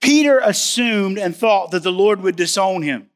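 A man's voice: sits high, animated, moderate pace. A man preaching a sermon in a church service. He speaks emphatically and repeats key words for stress. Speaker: pastor.

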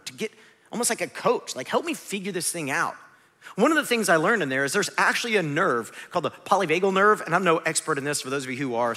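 A pastor in his forties preaching a conversational sermon, asking rhetorical questions and swinging from hushed to emphatic. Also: on the high side. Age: 40s. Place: church sanctuary. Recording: long reverb of a large hall.

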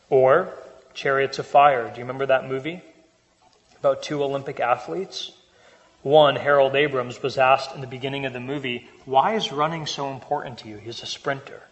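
A pastor delivers a sermon in a relaxed, conversational way, often turning to rhetorical questions. His voice sits at an ordinary middle pitch. The sound rings out with the long reverb of a large hall. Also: moderate pace.

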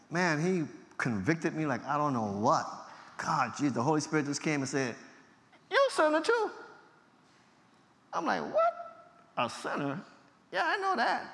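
A man's voice: a little high, fairly bright tone. A middle-aged man, a pastor telling his story, acting out the dialogue and laughing at himself. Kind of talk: storytelling testimony talk. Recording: long hall reverb from a large venue.

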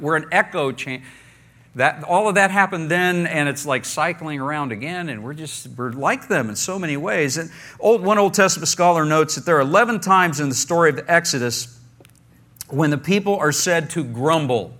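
A man preaching a sermon to a congregation in a conversational, animated way, often restarting his phrases and leading the listeners in repeating words. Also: fairly high pitch. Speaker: pastor.

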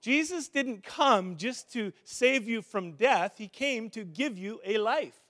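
A middle-aged man preaching a sermon in an animated, conversational way, often restarting his sentences. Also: high voice, slow.

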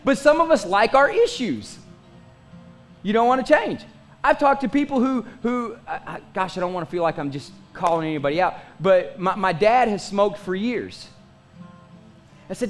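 A man's voice: high-pitched, big pitch swings, brisk, soft background music. A pastor in his forties preaching a sermon in a conversational style, asking the congregation questions and making asides. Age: 40s.

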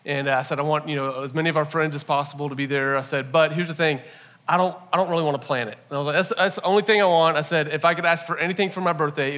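Bright, earnest man in his forties preaching. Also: fairly high pitch. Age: 40s. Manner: storytelling, animated and earnest. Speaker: pastor. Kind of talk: sermon.

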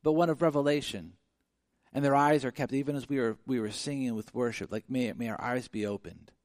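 A man's voice: mid-range voice, brisk, no room sound, clean studio sound. A man preaching a conversational sermon, telling stories with lots of fillers and acted-out asides. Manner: conversational, animated storytelling with many fillers. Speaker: pastor.

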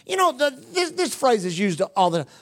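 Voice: mid-range voice, brisk. A preacher delivering a sermon, repeating phrases for emphasis and quoting scripture in old-fashioned wording. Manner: animated, repetitive emphatic preaching with asides; quotes scripture in King James wording.

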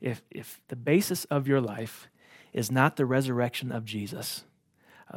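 A man's voice: medium pitch, moderate pace, a little mellow, dry recording, studio quality. A man preaching a sermon as a pastor, reading a story aloud and then earnestly asking his listeners direct questions.

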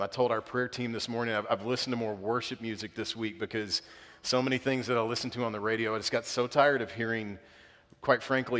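A man, preaching a sermon and leading prayer, earnest and building to emphatic peaks with halting restarts. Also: fairly low pitch, a bit bright. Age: 30s. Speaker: pastor. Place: church auditorium. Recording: long hall reverb.

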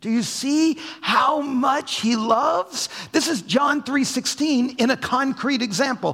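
A male pastor preaching a sermon, dropping to soft low asides and then rising to raised, emphatic lines. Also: takes it slowly, creaky, few pauses. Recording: long hall reverb.

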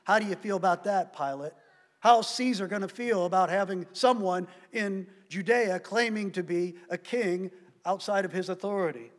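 Man, pastor, sermon, high voice, long hall reverb. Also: moderate pace. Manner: emphatic preaching, swinging between loud stresses and quiet drops.

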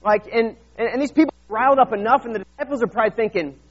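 A man preaching a sermon, retelling Bible scenes in a lively, casual way and acting out the characters. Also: extremely high pitch, rapid-fire, few pauses, muffled recording. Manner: animated, acts out Bible scenes in casual voices. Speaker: pastor.

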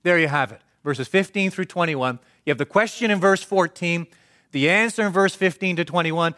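A man preaching a sermon, asking the congregation questions and answering them himself, swinging from emphatic to hushed. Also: sits high, animated, moderate pace.

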